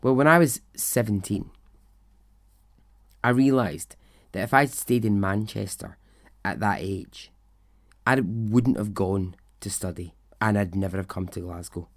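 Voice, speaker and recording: A man retelling the words of an earnest male teacher who explains things slowly and reflectively. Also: lowish voice.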